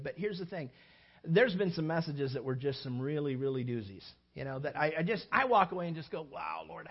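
Animated male pastor, high voice. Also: breathy edge, highs cut off. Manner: animated, acts out little scenes with shifting voices. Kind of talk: sermon.

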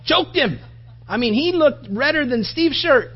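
A man preaching a sermon, telling animated stories with asides to the congregation. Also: very high-pitched, normal speed, highs cut off.

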